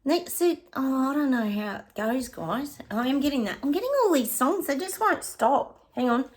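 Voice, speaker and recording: A middle-aged woman with an Australian accent, a psychic giving a chatty reading to her viewers, often pausing to say hang on and laughing. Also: high voice, expressive. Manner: laughs often and hums snatches of songs.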